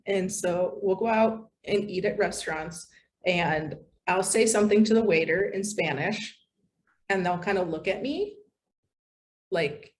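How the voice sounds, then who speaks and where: Chatty American woman, low voice. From United States. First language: English. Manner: chatty, animated storytelling with many fillers. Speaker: podcast guest, content writer. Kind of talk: casual interview chat.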